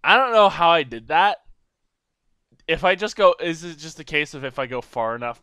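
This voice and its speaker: Young man, goofy rambling game commentary, very lively pitch, bright crisp voice, dry close desk mic. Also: moderate pace, no echo. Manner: goofy, rambling, bursts into loud silly shouting. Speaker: gameplay commentator. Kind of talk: solo gameplay commentary. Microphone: desk microphone.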